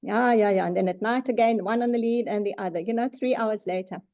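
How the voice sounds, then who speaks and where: A middle-aged woman, a psychologist giving a webinar talk in an animated, emphatic way with self-deprecating asides. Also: mid-range voice, fairly quick. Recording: dull lo-fi webinar audio.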